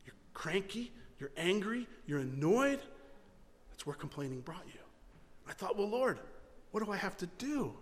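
A male pastor with a notably high voice preaches from the pulpit, his words ringing out with a long church-hall reverb. He tells stories briskly, repeating phrases in quick bursts and poking fun at himself, then sinks to a hushed, low tone when he stresses a serious point. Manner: animated storytelling with rapid repetitions and self-mocking asides; drops to a low, quiet voice for solemn points. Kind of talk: sermon.

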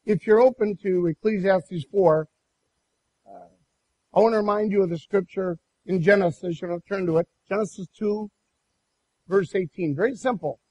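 A male pastor delivers a sermon, telling a personal story in an animated way. His voice sits high and carries a husky edge. He often restarts his phrases as he goes. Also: normal speed, low-quality recording.

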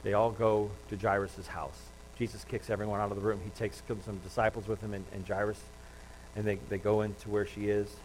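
A man preaching a sermon, retelling a Bible story with lively acted-out quotes and frequent restarts. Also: fairly low pitch, a little fast, a little hiss or hum, rough recording. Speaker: pastor.

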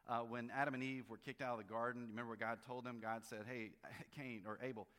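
A man preaching a sermon in a relaxed, conversational way, often restarting his phrases. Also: mid-range voice, quick pace. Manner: conversational, with frequent restarts and varied emphasis. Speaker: pastor. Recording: long hall reverb.

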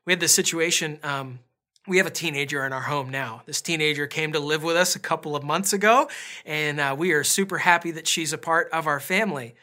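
A man preaching in a relaxed, conversational way, with a bright, clear tone. He slips easily into personal stories and pokes fun at himself between points. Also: a little high, a little fast. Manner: chatty and self-deprecating, with storytelling asides. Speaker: pastor. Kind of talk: casual conversational sermon.

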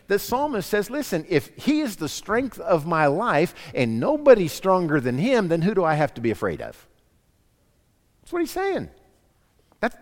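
A man preaching a sermon, lively and swinging between strong and soft delivery. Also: a little high. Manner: animated preaching, drops to soft quoted lines. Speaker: pastor. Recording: church hall reverb.

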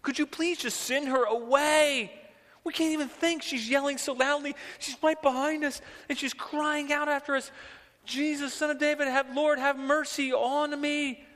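A pastor voicing exasperated male disciples who complain in a whiny, fed-up way, pitched well above his own voice. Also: fairly even intonation, normal speed, fairly bright tone. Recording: long hall reverb.

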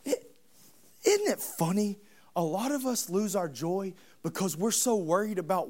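A man preaching a sermon, telling the story in an animated, humorous, conversational way. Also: sits high, a little slow, gravelly.

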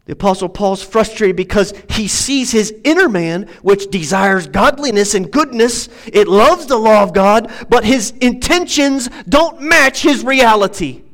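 High-voiced preacher, emphatic and swelling. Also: male voice, lively intonation, unhurried, poor audio. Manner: preaching with swelling, emphatic delivery that drops to quiet asides. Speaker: pastor. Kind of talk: sermon.

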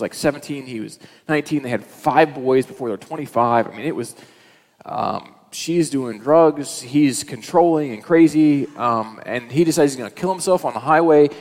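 Man preaching in an echoing hall. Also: medium pitch. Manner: conversational, storytelling preaching. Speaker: pastor. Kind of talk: sermon.

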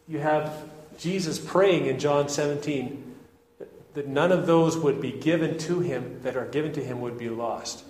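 A man preaching an expository sermon in an earnest, deliberate way, often restarting his phrases. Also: on the high side. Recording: echoey hall with faint ambience.

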